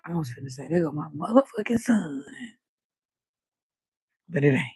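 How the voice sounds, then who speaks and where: Gravelly, husky woman chatting late at night. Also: low voice, normal speed, no room sound. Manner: loud, animated, cusses freely. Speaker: livestream host. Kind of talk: late-night livestream chat. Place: balcony outdoors at night.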